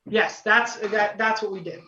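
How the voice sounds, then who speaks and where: A young man telling a casual story as a podcast guest, lively, acting out quotes, with lots of "you know" fillers. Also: high-pitched, a little slow. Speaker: podcast guest, former singing contestant. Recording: roomy, distant, dull lo-fi sound.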